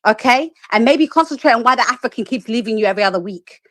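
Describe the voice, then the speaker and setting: A woman's voice: a little high, lively intonation, fast talker, no room sound. A woman with a slightly raised voice rants on a live stream, profane and confrontational. The sound is dry and close, with little room behind her. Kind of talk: heated rant on a live stream.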